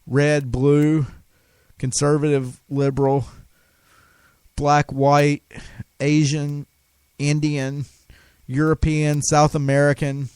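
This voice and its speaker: A man's voice: a little high, no room sound. A man hosting a talk radio show, delivering an impassioned, emphatic monologue with frequent restarts. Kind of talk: conspiracy talk radio rant.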